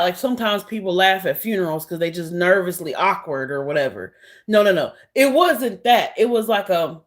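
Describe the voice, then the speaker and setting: A woman's voice: a little high, animated, unhurried. A woman vlogger speaking in a heated, blunt, sarcastic monologue. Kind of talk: casual monologue to camera.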